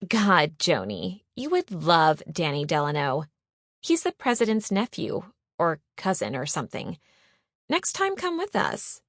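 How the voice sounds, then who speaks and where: A woman's voice: on the low side, wildly swooping pitch, a little slow, no echo, studio quality, full character voice. A woman voicing a snobbish, sneering teenage rich girl who mocks and boasts in an audiobook. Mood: boastful. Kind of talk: audiobook character voice.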